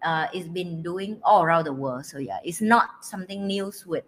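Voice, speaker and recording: A woman's voice: lowish voice, normal speed, a little hiss or hum. Woman co-hosting a chat podcast, laid back, lots of "you know" and "like". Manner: relaxed, self-deprecating, loose phrasing with fillers. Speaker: podcast co-host.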